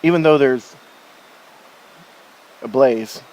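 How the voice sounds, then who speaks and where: A man's voice: mid-range voice, slow pace, darkish tone, rough recording. A man filming his hike outdoors beside a forest creek, rambling and thinking aloud in a casual vlog, correcting himself as he goes. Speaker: hiker filming his trip.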